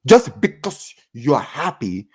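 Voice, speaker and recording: A man's voice: medium pitch, slow pace, slightly rough. A man hosting a live football reaction stream, ranting in a sarcastic, repetitive way. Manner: animated, ranting and sarcastic, repeats words and says "bro". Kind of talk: live fan reaction chat.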